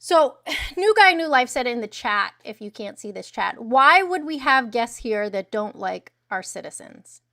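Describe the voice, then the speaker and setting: Brief: young woman streamer, fairly high voice, dry close sound, blunt sarcastic news chat. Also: very animated, a little slow, sharp tone, no echo. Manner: blunt, sarcastic, swears freely. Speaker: livestream host. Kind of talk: casual news commentary livestream.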